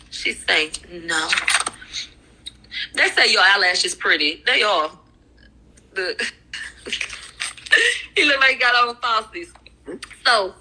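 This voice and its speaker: Bright-sounding woman retelling court stuff, chatty, back and forth. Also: medium pitch, rough recording. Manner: retells questions and answers in a chatty run-on way. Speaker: trial recap commentator. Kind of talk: casual retelling of court testimony.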